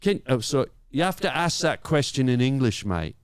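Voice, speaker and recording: Co-host, male, brash improvised roaster, fake British "mate" bit, smooth dry voice. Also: mid-range voice, normal speed, dry recording. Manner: brash mock-British "mate" persona, insulting. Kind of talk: improvised comedy banter.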